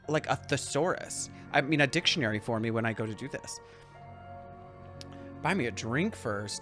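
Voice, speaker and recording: Man, game streamer, middle pitch, very lively intonation, reading on-screen text aloud, joking asides, faint background music. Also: moderate pace. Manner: animated, joking asides to chat.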